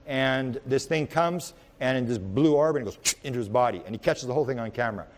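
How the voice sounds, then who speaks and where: A man's voice: medium pitch, fast. A man giving a UFO research talk, telling stories in a rambling way with many restarts. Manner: rambling, with frequent restarts and repeated words; animated storyteller who speaks in the present tense. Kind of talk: anecdotal storytelling lecture.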